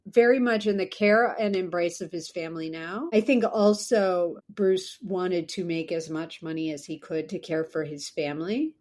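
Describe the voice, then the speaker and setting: A woman's voice: on the low side, moderate pace, hardly any pauses, a little mellow. A woman co-hosting a film podcast, chatting casually with wry, gossipy asides. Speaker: podcast co-host. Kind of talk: casual film-talk chat.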